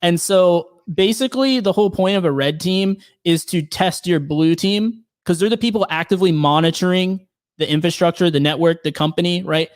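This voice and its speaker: A man's voice: high-pitched, normal speed, dry recording, clean studio sound. A man working as a penetration tester, chatting casually as a guest and explaining his job with many fillers and restarts. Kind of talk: casual podcast conversation.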